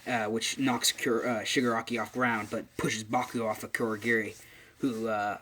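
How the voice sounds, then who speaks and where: A man's voice: lowish voice, little pitch movement, moderate pace, bright, forceful tone, slight background noise. A man casually retelling a fan story, rambling with many fillers and restarts.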